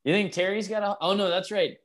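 A man's voice: high voice, steady tone, brisk, fairly bright tone. Easygoing man laughing through wrestling banter. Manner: laid-back, laughing, profane banter. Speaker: podcast co-host. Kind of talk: casual wrestling watchalong chat.

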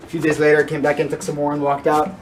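Storytelling rabbi with a far-off mic. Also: male voice, fairly high pitch, fast talker. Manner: lively, uses Yiddish and Hebrew words. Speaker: rabbi giving a weekly Torah talk. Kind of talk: storytelling sermon. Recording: from a distance, with loud guitar music.

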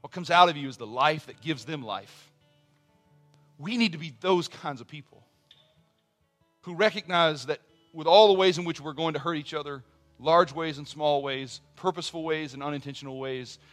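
A man's voice: on the high side, moderate pace, faint music behind. Earnest middle-aged male pastor preaching. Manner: earnest, swings from soft asides to strong emphasis. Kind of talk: sermon.

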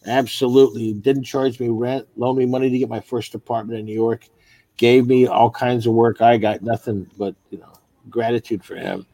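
A man's voice: medium pitch, steady tone, normal speed, mellow, no room sound. A middle-aged man, a stand-up comedian, telling rambling, profane stories in casual conversation. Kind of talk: casual podcast chat.

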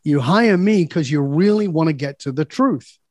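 Brief: male guest, higher pitch, blunt and animated storyteller, dry close sound. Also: normal speed, dry recording. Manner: blunt, storytelling, acts out quoted dialogue, swears freely. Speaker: podcast guest, leadership speaker. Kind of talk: casual interview conversation.

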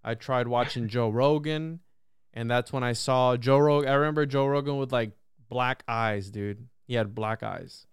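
A young man telling a long story in a casual podcast chat, animated and full of swearing and restarts. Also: medium pitch, clean tone, no room sound, studio quality. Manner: animated, heavy swearing, quick repeated restarts. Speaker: podcast guest.

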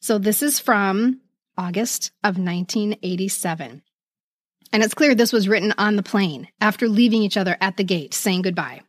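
A middle-aged woman co-hosting a podcast in casual chat, animated and laughing often as she reads old letters aloud. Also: medium pitch, normal speed, no room sound, clean studio sound. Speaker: podcast co-host.

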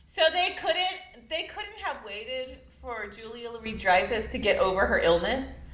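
A woman's voice: fairly high pitch, animated, measured pace, fairly bright tone, reverberant. A woman co-hosting a podcast, joking playfully about a movie in casual chat. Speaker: podcast co-host.

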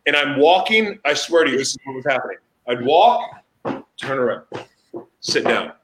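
A man hosting a casual chat, telling candid stories in an animated way. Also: medium pitch, normal speed, echoey room, noisy background.

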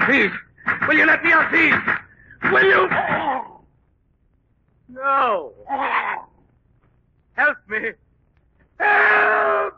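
An actor playing a scheming male swindler in a 1940s radio drama, speaking theatrically. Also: a little high. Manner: theatrical, sly then frantic. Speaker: villain. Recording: dull old radio broadcast with hiss.

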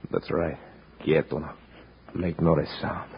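An actor playing a scheming young bandit captain in a 1950s radio drama. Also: male voice, extremely low pitch, flat delivery, measured pace, slightly rough, heavily acted. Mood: hushed menace. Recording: dull lo-fi old radio recording with faint hiss.

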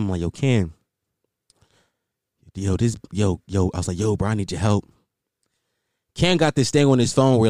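A man in his own podcast, spinning a crude personal story in loose slang. His pitch swings all over as he talks, and it is captured dry and close. His tone is easygoing and he laughs often. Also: a little mellow, no room sound. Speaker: podcast host. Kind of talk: casual storytelling monologue.

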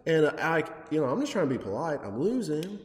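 A man's voice: fairly high pitch, very animated, a little fast. A man from Southern Indiana, a guest on a casual podcast, telling stories against himself and correcting the host. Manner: self-deprecating, corrects the host's stories. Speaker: guest, former business partner. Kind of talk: casual interview chat. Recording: echoey room with long reverb.

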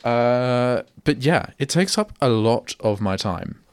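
A man's voice: medium pitch, animated, slow pace, clean tone, no room sound. A young man hosting a solo radio show, rambling and chatting casually, often breaking off mid-sentence. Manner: rambling, self-interrupting, chatty. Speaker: radio host. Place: radio studio.

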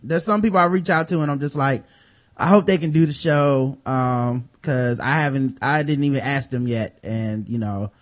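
A man's voice: mid-range voice, normal speed. A man hosting a podcast in casual chat, reading sponsor spots in a loose, jokey, profane way with lots of fillers. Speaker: podcast host.

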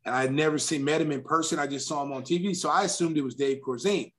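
Animated middle-aged man telling a story. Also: a little high, fast. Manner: animated, acting out quotes, frequent restarts. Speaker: former pro basketball player and TV analyst. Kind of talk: casual storytelling.

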